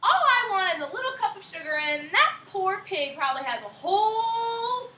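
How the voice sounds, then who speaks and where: A sly, wheedling big bad wolf with a high, bright voice that leaps up and down, put on by a woman reading a storybook aloud. He sounds mock-innocent and polite, and the recording comes from across an echoey room. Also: big pitch swings, moderate pace, exaggerated voice.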